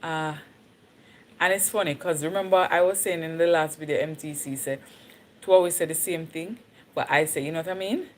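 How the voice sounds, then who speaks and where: A Jamaican woman with a low voice talks casually to viewers on a livestream, slipping into patois now and then. Faint noise sits behind her. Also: steady tone, moderate pace. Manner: chatty, switches into patois, laughs easily. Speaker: livestream host.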